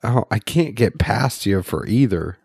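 A man's voice: fairly low pitch, vocal fry, heavy background noise. Man arguing in casual podcast banter. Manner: animated, argumentative, quick asides. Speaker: podcast co-host.

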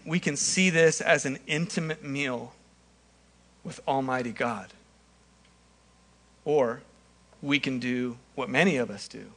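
A young adult male pastor preaching a sermon, acting out scenes with animated storytelling. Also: mid-range voice.

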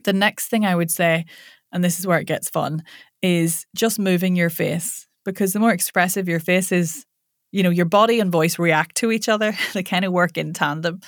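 A woman, a voice coach demonstrating vocal warm-ups in a playful, laughing coaching tone. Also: on the low side, steady tone, moderate pace, no echo, studio quality. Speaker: voice coach guest.

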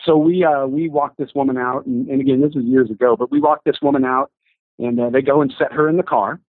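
A man telling an animated story of faith as an interview guest, acting out the voices of the people he quotes. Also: mid-range voice, brisk, no echo. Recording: dry, tinny phone-like audio.

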